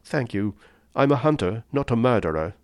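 A man voicing an earnest young hunter who protests in shock and indignation, pitched well above his own voice. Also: lively intonation, moderate pace, darkish tone, no echo, natural voice. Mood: indignant.

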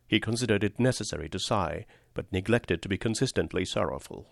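A man narrating a literary novel in a measured, grave, deliberate way. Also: sits low, vocal fry, dry recording, studio quality. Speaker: audiobook narrator.

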